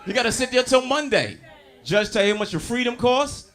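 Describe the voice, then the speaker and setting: A man's voice: very high voice, animated, fairly quick, fairly bright tone. A man doing a stand-up comedy set on stage, brash and profane, talking straight to the crowd with audience laughter behind him.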